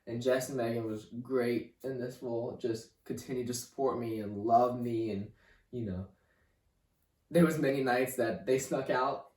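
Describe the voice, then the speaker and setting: A young man giving a personal faith testimony as a podcast guest, halting and repeating himself, leaning on "like" and "you know". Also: medium pitch, steady tone, darkish tone, recorded from a distance. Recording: roomy room, voice off-mic.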